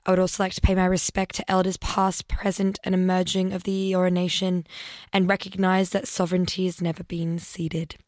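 A woman's voice: on the low side, monotone, brisk, a little mellow, no echo. A woman presenting a radio arts show from a studio mic, friendly and enthusiastic, loosely scripted. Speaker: radio host. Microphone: studio microphone.

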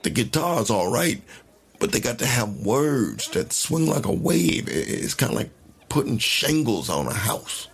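A man doing a cocky blues guitar picker, gravelly. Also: mid-range voice, very animated, measured pace, voice pushed up, heavily acted. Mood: lecturing. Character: brash cocky young male blues guitarist.

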